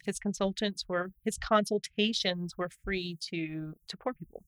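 A woman co-hosting a casual podcast, telling the story in an animated way, laughing often and trailing off mid-sentence. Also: fairly low pitch, moderate pace, clear, resonant tone, no echo, low-quality recording. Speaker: podcast co-host. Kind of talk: casual true crime podcast chat.

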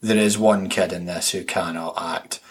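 A man's voice: low voice, steady tone, moderate pace. A man co-hosting a podcast, blunt and jokey in casual film chat. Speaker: podcast co-host.

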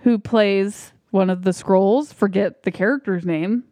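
A woman's voice: medium pitch, measured pace, dark tone, no room sound. Chatty woman on a movie podcast. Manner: chatty, rambling, laughs often. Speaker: podcast co-host. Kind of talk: casual movie chat.

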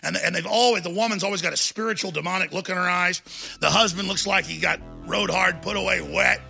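Gravelly high-pitched ranting man. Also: fairly quick, soft background music. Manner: combative, escalates into shouting. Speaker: talk show host. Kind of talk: heated political rant.

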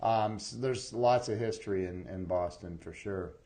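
A man hosting a podcast interview, asking questions in a halting, repetitive way with many fillers. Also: fairly low pitch, mellow. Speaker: podcast host. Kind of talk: casual interview chat.

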